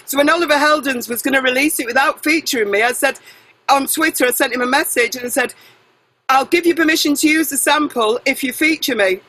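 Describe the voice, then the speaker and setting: A middle-aged woman singer being interviewed, chatty and animated, jumping between tangents and correcting herself. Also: high-pitched, brisk, poor audio. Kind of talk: casual interview chat.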